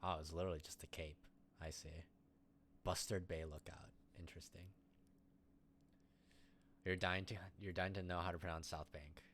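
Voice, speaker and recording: A man's voice: deep voice, little pitch movement, normal speed, pauses often, fairly bright tone, slight background noise. A man streamer rambling and joking through casual running commentary at his computer. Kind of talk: casual live-stream chat.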